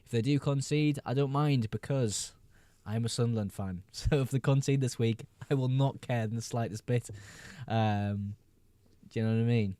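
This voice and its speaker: A man hosting a casual fantasy football live stream, reading viewer questions aloud, answering them quickly and laughing often. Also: mid-range voice, warm tone, dry recording.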